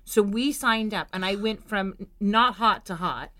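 A woman's voice: medium pitch, normal speed, pushed and bright. A woman from Los Angeles hosting a casual chat in a hotel room, full of playful interjections and jokes. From Los Angeles, USA.

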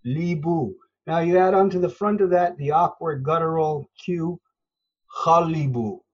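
A man from Newfoundland, Canada, speaks in a somewhat high, slightly mellow voice at a normal pace, and the recording is lo-fi. He is an interview guest and language learner giving earnest, conversational answers. His explanations are patient and teacherly, with frequent hesitations.

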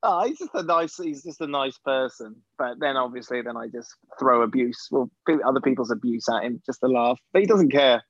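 A man's voice: medium pitch, fairly quick, few pauses, no echo, lo-fi sound. A man, a podcast guest chatting casually and laughing often as he teases. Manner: laughs often, teasing and easygoing. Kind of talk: casual chat.

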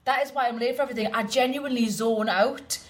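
A woman comedian in casual podcast chat, quick with teasing banter. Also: fairly high pitch, steady tone.

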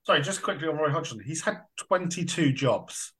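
A man's voice: a little high, lively intonation, moderate pace, fairly bright tone, slightly rough. Man thinking aloud on football. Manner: thinks aloud, restarts sentences. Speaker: podcast panelist. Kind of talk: casual football chat.

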